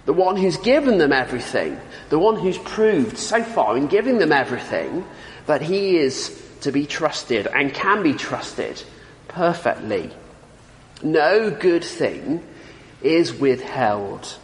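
Male preacher, emphatic sermon delivery with lively pitch, recorded in a reverberant hall. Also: a little slow. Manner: emphatic, asks listeners rhetorical questions. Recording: echoey hall with long reverb.

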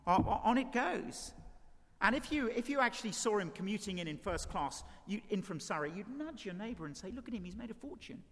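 Animated preacher in a reverberant hall. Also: male voice, sits high, fairly quick. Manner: animated storytelling, acting out voices of people in the story. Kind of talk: sermon.

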